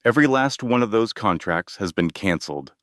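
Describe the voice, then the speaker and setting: A man voicing an older Texan oil tycoon who speaks quietly but sternly. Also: fairly low pitch, animated, fairly quick, no echo, clean studio sound. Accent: Texan (figure).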